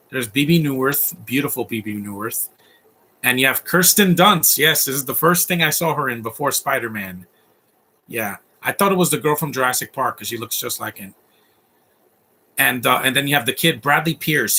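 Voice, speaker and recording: A man's voice: mid-range voice, sharp tone, breathy edge. A man in his thirties giving a casual, opinionated live commentary on a film, chatty and full of fillers. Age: 30s. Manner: chatty, opinionated, laughs often, many fillers.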